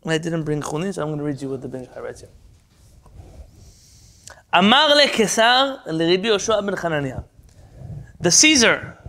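Speaking at a moderate pace with long pauses, this Torah teacher has a slightly high, sing-song voice that sounds pushed and bright. On a video call, he leads a Talmud class, translating Hebrew terms, quizzing students and hopping from point to point.

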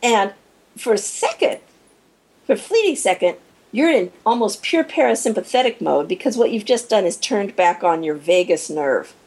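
A woman guest in an interview, explaining in a lively way and acting out small quoted moments as she goes. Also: medium pitch, normal speed, slightly rough, poor audio. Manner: animated, acts out little scenes with quoted inner voices. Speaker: guest expert on shock and recovery.

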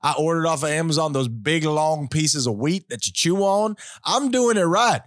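A man playing a folksy Southern redneck, mock-tough, pitched up, dry close sound. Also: normal speed, no echo, natural voice. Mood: boastful folksy. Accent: American Southern. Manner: drawling, boastful, deadpan absurd.

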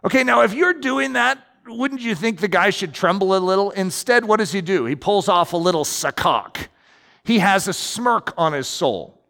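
A man preaching a sermon as pastor, animated, with sudden emphatic rises in his delivery. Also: high voice, normal speed, gravelly. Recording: long hall reverb.

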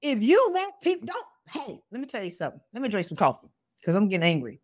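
A woman's voice: mid-range voice, huge pitch swings, quick pace. A woman in her forties hosting a motivational podcast, fiery and blunt, piling up pointed questions and talking straight to the listener in slangy, direct speech. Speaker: podcast host.

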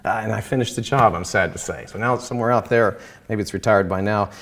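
An earnest man explains his Christian faith in a conversation. He talks in a measured way, often pausing and restarting, and draws out key phrases to stress them. He quotes scripture as he goes. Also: fairly low pitch, fairly bright tone, slight background noise. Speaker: Christian guest speaker.

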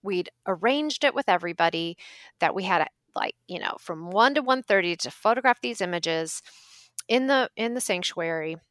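A woman's voice: moderate pace, no room sound. A middle-aged woman, a photographer and podcast guest, telling stories casually and acting out quotes with big jumps in her voice. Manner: animated, acts out quotes with big pitch jumps. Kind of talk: casual storytelling.

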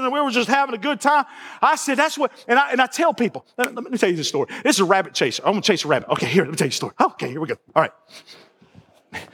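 A pastor with a very high-pitched, fairly bright voice preaches a sermon in a church sanctuary. He is folksy and emphatic, repeating his phrases, and the long reverb of a large hall surrounds him.

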